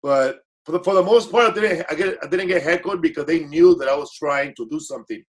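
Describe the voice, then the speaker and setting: A man in casual podcast chat, telling long stories with a relaxed, meandering flow. His voice sits slightly high, and he keeps restarting his sentences and dropping in bits of Spanish. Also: fast. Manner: laid-back, rambling, self-correcting, slips into Spanish phrases. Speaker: guest comedian. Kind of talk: casual storytelling.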